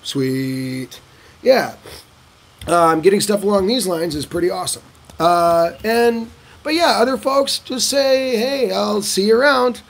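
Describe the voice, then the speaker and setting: Animated gravelly man vlogging. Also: a little slow. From United States. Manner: animated, swearing, acting out dialogues with lively shifts in pitch and pace. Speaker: vlogger giving advice on living in Vietnam. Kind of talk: casual Q&A monologue.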